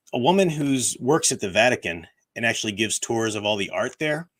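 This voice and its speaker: Hoarse man rambling on a livestream. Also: lowish voice, fairly bright tone. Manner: rambling, many restarts and fillers. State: hoarse, voice worn out. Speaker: livestream host. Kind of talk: casual livestream chat. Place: at home, room with bookshelves.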